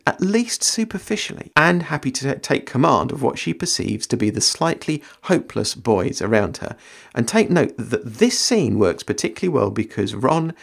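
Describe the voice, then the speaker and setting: Guy talking through writing tips, lively pitch, gravelly voice. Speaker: creative writing podcast host. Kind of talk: explanatory talk and reading aloud.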